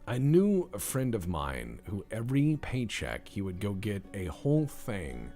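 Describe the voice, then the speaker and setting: A man's voice: fairly low pitch, huge pitch swings, measured pace, dark tone, soft background music. A man hosting a let's-play video, chatting casually in a rambling, profane, self-deprecating way. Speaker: gaming channel host.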